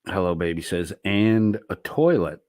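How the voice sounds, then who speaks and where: A man's voice: deep voice, lively intonation, unhurried, darkish tone, no room sound, studio quality. A man hosting a late-night livestream, reading chat messages aloud and responding in a blunt, profane, sarcastic way.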